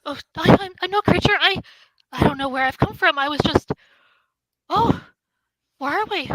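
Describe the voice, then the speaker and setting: A woman voicing a thin, confused, excitable young woman who stammers and exclaims breathlessly. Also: very high voice, moderate pace, no echo, pitched above the performer's own voice, low-quality recording. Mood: flustered.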